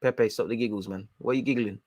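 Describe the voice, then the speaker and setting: A man's voice: lowish voice, steady tone, fast talker, darkish tone, dry recording. A young man giving blunt, slangy, frustrated running commentary while watching a football match live. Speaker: football fan channel host.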